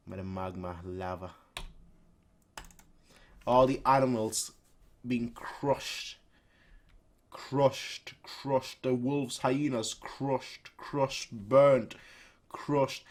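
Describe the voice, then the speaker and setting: A man hosting a casual reaction video who reads a manga aloud and makes his own sound effects in an animated way. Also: mid-range voice, very slow, pauses often. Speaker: reaction channel host.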